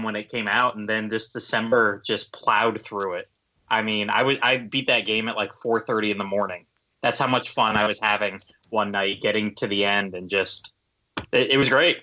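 A man on a podcast panel, telling an animated story about his game. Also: fairly low pitch. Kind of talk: casual chat. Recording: muffled online call audio.

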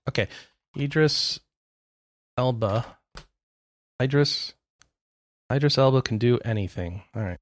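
A man's voice: medium pitch, animated, measured pace, long pauses, dry recording, clean studio sound. A man co-hosting a podcast, chatting casually about games, rambling and cutting himself off, often laughing. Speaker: podcast co-host. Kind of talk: casual gaming chat.

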